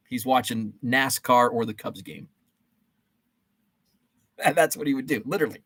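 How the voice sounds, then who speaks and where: A man's voice: mid-range voice, a little fast, a bit bright, no echo. A man in his forties hosting a casual live-stream chat, rambling and joking with many fillers and restarts.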